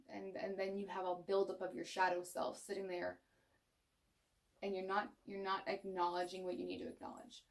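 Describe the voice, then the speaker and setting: A woman's voice: mid-range voice, recorded from a distance. A woman giving a casual, frank tarot reading, laughing often and acting out the thoughts she quotes. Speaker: tarot reader.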